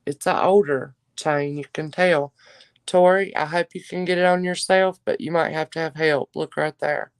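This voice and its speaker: A woman's voice: low-pitched, fairly even intonation, moderate pace, smooth, dry recording. A woman hosting a live-stream jewelry auction, chatting with viewers and calling them darling. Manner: chatty, warm endearments to viewers.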